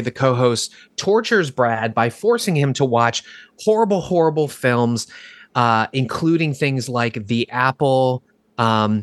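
A man co-hosting a casual movie review podcast, talking in an animated, rambling way with lots of fillers. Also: medium pitch, no echo. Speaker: podcast co-host.

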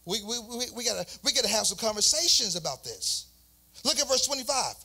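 A man's voice: very high-pitched, expressive, brisk, vocal fry, bright, forceful tone, breathy edge. A man preaching a sermon as pastor, in a sing-song cadence with repeated phrases.

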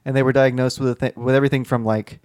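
A man's voice: medium pitch, little pitch movement, rapid-fire, darkish tone, no room sound, studio quality. A man who works in mental health, co-hosting a casual group chat and explaining things in a rambling way with lots of fillers. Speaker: podcast co-host, mental health professional.

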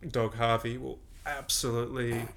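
A man, a podcast guest and breathing coach, explaining in a relaxed conversational way and often repeating words as he thinks. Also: medium pitch, moderate pace, creaky.

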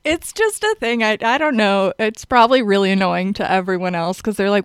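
A woman's voice: medium pitch, fairly quick, hardly any pauses, smooth, no echo, clean studio sound. A woman hosting a podcast in casual chat, laughing often between remarks, recorded over a remote call. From Asheville, North Carolina (lives there). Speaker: podcast host.

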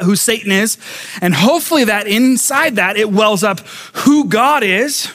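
High-voiced man preaching a sermon. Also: a bit bright. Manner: conversational, asks the congregation questions. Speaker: pastor. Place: church sanctuary with a live congregation.

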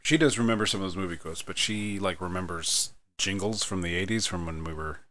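A man's voice: sits low, brisk, pushed and bright. A man chatting casually on a podcast, telling rambling stories full of fillers and humming snatches of jingles. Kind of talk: casual chat.

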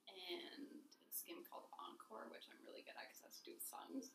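A woman's voice: a little fast, fairly bright tone, whispered. A young woman chatting casually with friends, breezy and playfully bragging. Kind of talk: casual chat among friends. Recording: echoey room with faint ambience.

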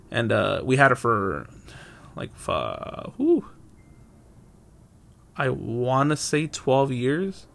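Gravelly-voiced young man telling rambling stories. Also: mid-range voice, a bit bright. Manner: rambling, loose and profane, many fillers and self-corrections. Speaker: podcast host. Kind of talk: casual solo storytelling.

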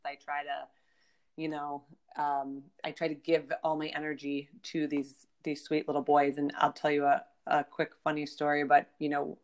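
A woman's voice: sits low, completely flat delivery, normal speed. A woman in her thirties, a guest in a casual conversation, talking in an upbeat, chatty way full of "you know".

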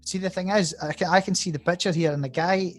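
Male podcast co-host, a bit high-pitched, deadpan headline reader, faint music bed. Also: fast. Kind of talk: casual banter.

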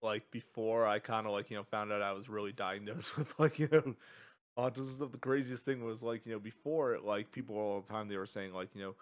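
A man's voice: fairly low pitch, steady tone, brisk. A man co-hosting a podcast, telling personal stories in a casual way, packed with "like, you know" and laughing as he goes. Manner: filler-heavy, laughs while telling stories. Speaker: podcast co-host. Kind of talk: casual chat.

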